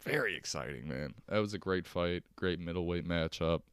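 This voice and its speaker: A man's voice: deep voice, moderate pace, smooth, no room sound, clean studio sound. A man hosting a solo podcast from his couch, rambling in a laid-back, profane way. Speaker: podcast host. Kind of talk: casual solo podcast rant. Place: home couch.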